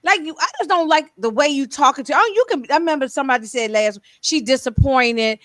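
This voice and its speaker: A woman's voice: high-pitched, expressive, fairly quick, fairly bright tone, dry recording, clean studio sound. A woman co-hosting a casual podcast chat, rambling with many fillers and restarts. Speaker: co-host.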